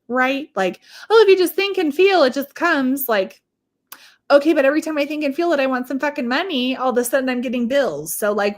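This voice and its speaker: A woman who is a psychic medium and manifestation coach, speaking as a podcast guest in a candid, profane way and telling her story by quoting her own past thoughts. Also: on the high side. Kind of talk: casual storytelling in a chat.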